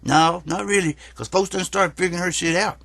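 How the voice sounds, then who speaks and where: A man's voice: high voice, fairly even intonation, brisk, vocal fry, fairly bright tone. A man delivers a rambling, profane, folksy rant as a comic vlogger. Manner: rambling, profane, drawling storyteller.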